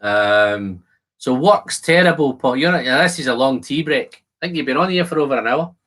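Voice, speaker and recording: A man's voice: medium pitch, expressive, moderate pace, fairly bright tone. Chatty man hosting a whisky live stream. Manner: chatty, reads and answers viewer comments; describes whisky aromas while tasting. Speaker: whisky channel host. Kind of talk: casual live stream chat.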